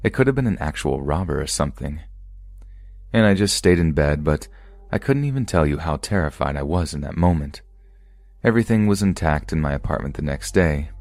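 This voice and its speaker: A man reading true scary stories aloud as a podcast narrator, in a calm, even storytelling delivery. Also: rumbling low, fairly quick, no echo, studio quality.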